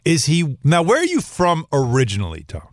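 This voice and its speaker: A man's voice: a little high, brisk, dry recording, studio quality. A man hosting a sports radio show, bantering and teasing a guest. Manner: teasing, animated, mimics people.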